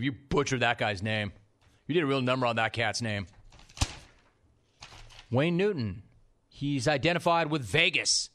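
A slightly high, pushed and bright voice belongs to a forties-aged man hosting a radio sports talk show, with a little hiss or hum in the audio. He tells brash stories in an animated monologue and mimics how his friends talk.

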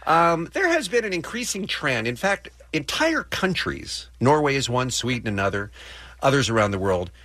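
Brief: male radio host, american accent, husky dry voice, lively rambling delivery. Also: medium pitch, normal speed, dry recording. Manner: joking, self-deprecating, rambling with restarts. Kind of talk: casual morning radio banter.

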